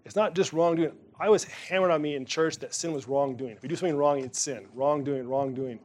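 A man preaching a sermon to his congregation in a conversational way, turning emphatic on some phrases and dropping quiet on others. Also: fairly high pitch, fast. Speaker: pastor.

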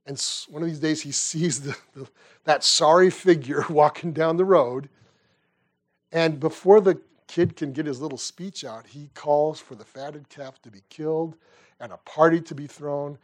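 Animated, slightly high-voiced male Bible teacher. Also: moderate pace. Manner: animated storytelling with rhetorical questions; casual, with restarts and asides. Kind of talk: conversational Bible lesson.

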